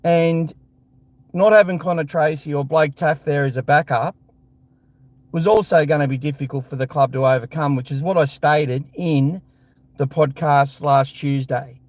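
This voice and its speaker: A man with an Australian accent holds forth on his live fan show in a blunt, heated, profane rant. His voice sits a little higher than most men's. The sound is dry, with no room echo. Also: fairly even intonation, moderate pace, a little mellow.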